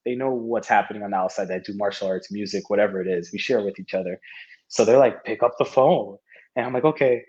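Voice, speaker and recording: A man in his thirties with a low voice tells his story as a podcast guest, chuckling often and voicing the people in it. The audio sounds dull and lo-fi. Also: fast talker. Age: 30s. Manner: animated storyteller who laughs often and acts out quoted lines. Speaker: podcast guest, martial arts competitor. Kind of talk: casual interview storytelling.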